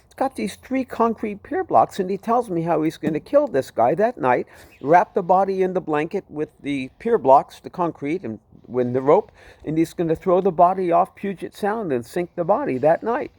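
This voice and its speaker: A man's voice: high-pitched, lively intonation, normal speed, a little mellow, dry recording. A man telling his personal testimony in a vivid, dramatic way. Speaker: storyteller giving his testimony.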